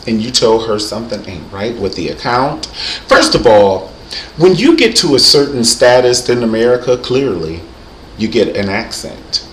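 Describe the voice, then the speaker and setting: A man hosting a comedy vlog, joking in an animated, exaggerated, playful way. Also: medium pitch. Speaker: host. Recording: echoey room, faint hiss.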